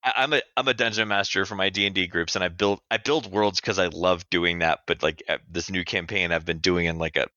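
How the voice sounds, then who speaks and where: Deep, bright-toned male podcast host. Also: fairly even intonation, a little fast, few pauses, dry recording. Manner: chatty, leads the questions. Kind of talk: casual interview conversation. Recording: dull, dry lo-fi sound.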